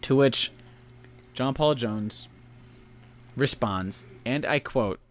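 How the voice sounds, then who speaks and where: A man's voice: mid-range voice, takes it slowly. A man co-hosting a casual history podcast, rambling and swearing as he tells the story. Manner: rambling, profane, puts on silly shouting voices for historical figures. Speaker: podcast co-host.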